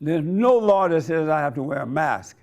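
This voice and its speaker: A man voicing a loud, insistent woman customer who refuses to wear a mask. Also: sits low, expressive, moderate pace, gravelly. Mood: defiant. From Iran.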